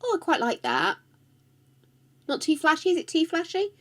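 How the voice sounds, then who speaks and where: A woman's voice: sits high, wildly swooping pitch, moderate pace. An older woman chatting casually on a live stream, affectionate and talkative, calling her viewers darlings. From United Kingdom.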